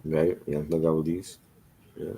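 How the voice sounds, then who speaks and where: A man co-hosting a casual talk show, agreeable, often affirming his partner and offering relaxed opinions. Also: rumbling low, a little slow, creaky, slightly rough. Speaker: podcast co-host. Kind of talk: casual chat.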